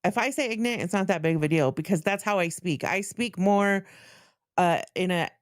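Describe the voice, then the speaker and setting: A woman in casual podcast chat, laid-back and quick to laugh. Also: fairly low pitch, dry recording, studio quality.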